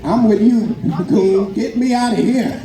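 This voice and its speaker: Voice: medium pitch, measured pace, over music. A festival announcer giving joking, chatty play-by-play of an outdoor contest. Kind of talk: live event commentary. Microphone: public address loudspeaker. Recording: echoing PA amid a crowd.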